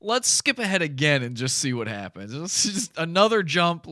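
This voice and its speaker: A man's voice: on the high side, very animated, moderate pace, noisy background. A man hosting a podcast, giving mocking, sarcastic commentary on a video and describing it for listeners. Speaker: podcast host.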